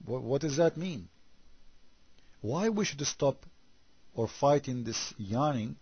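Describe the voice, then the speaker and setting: This man's voice is mid-range and expressive with a breathy edge, heard on dull audio. He delivers sarcastic critical commentary alone, piling up rhetorical questions and tripping into halting repeats.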